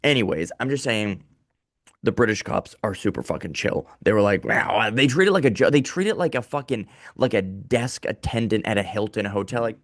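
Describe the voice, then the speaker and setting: A man in an office doing a casual comedy monologue, swearing and ranting in an animated way. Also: fairly low pitch, a little fast, no echo, clean studio sound. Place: small rented office.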